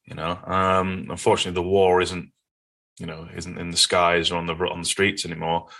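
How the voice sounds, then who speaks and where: A man with a Northern English accent, a guest in an interview, telling stories in an earnest, animated way. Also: sits low, a little fast, creaky. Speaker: podcast guest. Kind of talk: conversational interview.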